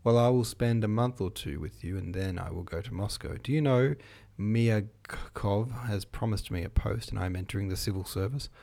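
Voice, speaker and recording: A man's voice: lowish voice, normal speed, creaky, hardly any pauses, warm tone. A man reading the lines of a gaunt, ailing man putting on a cheerful front, in a plain storybook voice. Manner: plain reading voice, little change.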